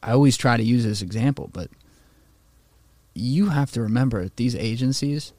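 A man talking in a casual podcast conversation, animated and opinionated, swearing freely and slipping into mocking voices for quotes. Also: mid-range voice, moderate pace, dry recording.

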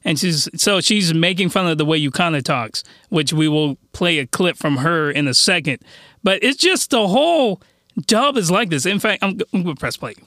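Excited young man reviewing anime. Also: on the high side, moderate pace, no room sound, clean studio sound. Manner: enthusiastic, laughing, lots of restarts. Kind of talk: casual review chat.

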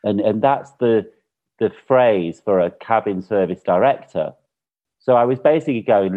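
A man's voice: fairly low pitch, normal speed. British man telling a story over a phone-like line. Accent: British English. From Britain. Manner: chatty storyteller, laughs often. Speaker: guest. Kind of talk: casual chat, anecdote. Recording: phone-like narrow sound.

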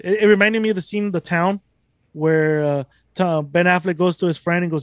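Fast-talking, high-voiced profane man. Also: fairly even intonation, dry recording, studio quality. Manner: profane, rambling, emphatic. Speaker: podcast host. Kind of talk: casual podcast chat.

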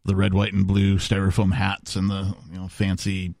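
A man's voice: sits low, completely flat delivery, normal speed, gravelly, darkish tone, dry recording. A man hosting a talk radio show, chatting casually with lots of laughter and fillers. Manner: laughs often, rambling with filler words. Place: radio studio.

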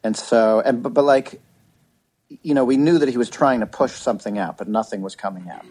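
A man in his thirties co-hosts a casual podcast chat, telling a long story full of restarts and swearing. His voice is mid-range with a darkish tone, and he speaks briskly.

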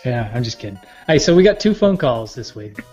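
A man's voice: medium pitch, very animated, fairly quick, a little mellow, lo-fi sound, faint music behind. A man hosting a podcast, chatting casually in a laid-back way and laughing easily. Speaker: podcast host. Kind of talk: casual chat.

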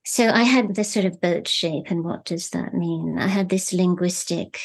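A middle-aged woman novelist being interviewed, speaking in a thoughtful, measured way and pausing to search for words. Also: lowish voice, gravelly. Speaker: novelist guest. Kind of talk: reflective interview talk.

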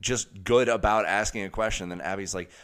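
A man's voice: on the low side, fairly even intonation, fairly quick, fairly bright tone, smooth. A man co-hosting a podcast, chatting casually and agreeably about a TV episode. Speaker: podcast co-host. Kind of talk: casual recap chat.

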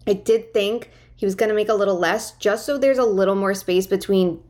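Woman cohost on a video call, talks hockey fast with lots of likes. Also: mid-range voice, a little mellow. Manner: enthusiastic, filler-heavy, quick analysis. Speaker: co-host analyst. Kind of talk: casual sports chat.

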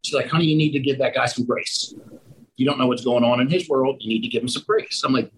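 A man, a roofing contractor, telling lively stories in a casual conversation and acting out the people in them. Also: mid-range voice, quick pace, slight background noise, low-quality recording. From Pennsylvania. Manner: animated storyteller who acts out the people in his story.

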